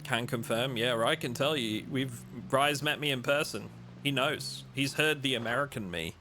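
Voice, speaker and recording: A young English man with a light Lincolnshire accent chats loosely with his viewers, full of fillers and jokes. His voice is bright and forward, with a faint hum behind it. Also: mid-range voice, normal speed. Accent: Lincolnshire English, mild. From England. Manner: chatty, joking with chat, many fillers. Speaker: streamer. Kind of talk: casual live-stream chat.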